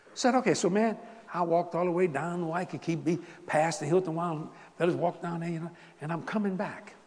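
A man preaching a sermon as a story, animated, swinging from soft asides to loud bursts. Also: a little high, brisk. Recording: long hall reverb.

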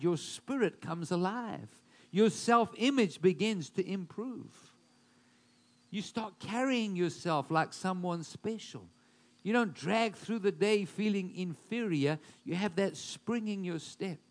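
A man preaching a sermon, building loud emphatic declarations and dropping into quieter asides. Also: high voice. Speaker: pastor.

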